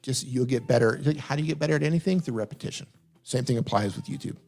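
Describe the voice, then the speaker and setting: A man's voice: mid-range voice, quick pace, creaky, a little mellow. Man hosting a live Q&A. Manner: coaching, repeats himself, reads chat aloud. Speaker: host. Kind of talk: live stream Q&A. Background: faint funk music.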